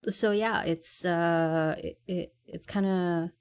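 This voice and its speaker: A woman's voice: on the low side, fairly even intonation, slow pace, a little mellow, clear, resonant tone. A woman from Quebec, co-hosting a casual podcast and talking hesitantly with many fillers and restarts. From Quebec, Canada. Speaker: podcast co-host. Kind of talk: casual chat.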